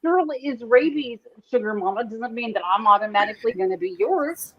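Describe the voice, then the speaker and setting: A woman's voice: on the high side, expressive, fairly quick, a crowd in the background. A woman hosting a live stream, brash and swearing, talking to her viewers. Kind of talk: casual chat. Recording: dull dry lo-fi stream audio.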